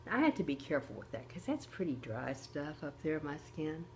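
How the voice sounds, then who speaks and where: A woman's voice: low-pitched, big pitch swings, normal speed, slight background noise. An older woman hosting a casual makeup tutorial, chatty and often checking in with her viewers. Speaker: host.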